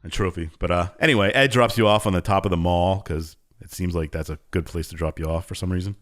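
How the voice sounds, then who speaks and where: Low-voiced guy chatting loosely, recapping a game plot for his podcast. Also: fast, a bit bright. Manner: laid-back storytelling, acts out characters briefly. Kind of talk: casual chat.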